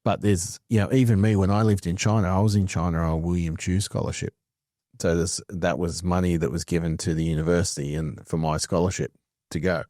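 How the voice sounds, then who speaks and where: A man's voice: low-pitched, flat delivery, a little fast, dark tone, no echo, clean studio sound. A man co-hosting a podcast. He talks in a blunt, opinionated, casual way. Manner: blunt, opinionated, swears freely. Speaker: podcast co-host.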